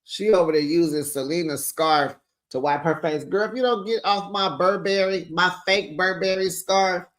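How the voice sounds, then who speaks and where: A sassy reality TV recap host chatting casually to the viewers and calling them besties and honey. The voice sits at a middle pitch, and the host acts out the cast's quarrels with dramatic flair. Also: moderate pace, fairly bright tone.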